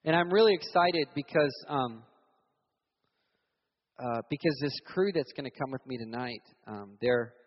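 A young man from Virginia preaching a sermon, telling stories animatedly and acting out loud shouted voices. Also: medium pitch, expressive, measured pace, pauses often. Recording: reverberant hall, dull sound.

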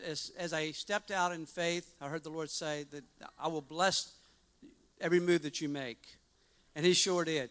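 A man's voice: a little high, fairly bright tone. A middle-aged man giving a personal testimony to a church congregation, earnest and rambling, with frequent restarts and fillers.

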